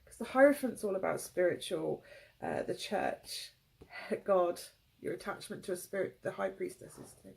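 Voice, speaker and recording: A woman giving an intuitive tarot reading, tearful, speaking in gentle, halting phrases. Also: on the low side, wildly swooping pitch, gravelly, rough recording. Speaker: tarot reader.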